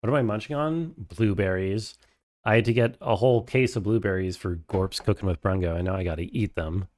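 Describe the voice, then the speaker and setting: A man's voice: fairly low pitch, brisk, a little mellow, dry recording, clean studio sound. A man streaming a first playthrough of a game, chatting casually with viewers and reading dialogue aloud.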